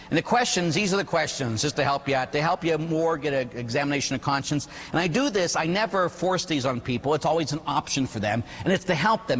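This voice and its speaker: A man from the Pittsburgh area, a Catholic priest, preaching a sermon with lively storytelling and frequent tag questions. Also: on the high side, slightly rough. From Pittsburgh area, United States. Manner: animated storytelling, acting out quoted voices, tag questions. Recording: echoey hall with faint hum.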